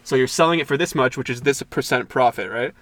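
A man's voice: mid-range voice, quick pace, fairly bright tone, no echo. Laid-back young man telling crude stories. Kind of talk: casual storytelling chat.

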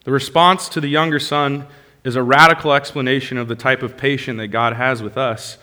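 A man preaching a sermon as a pastor, passionate, rising to loud bursts and dropping to soft, hushed lines. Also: medium pitch, fairly even intonation, brisk. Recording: long hall reverb.

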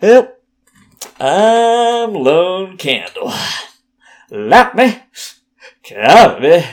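A man's voice: high-pitched, sing-song, extremely slow, pitched above the performer's own voice, exaggerated voice. A man putting on an exaggerated Southern drawl for a hammy, pleading sign-off. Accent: put-on Southern US. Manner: exaggerated, pleading, drops to a whisper.

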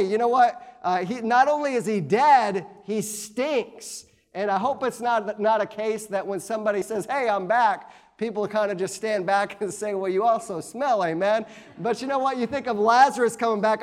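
High-pitched guy preaching a sermon, reads scripture then talks it over casually. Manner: conversational preaching with "amen?" asides and fillers; reads scripture aloud in King James wording.

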